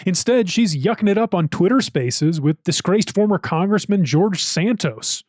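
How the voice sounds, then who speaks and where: A man, the show's producer, narrating a scripted recap in a steady, explanatory way. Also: sits high, normal speed, no room sound, studio quality. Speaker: podcast producer.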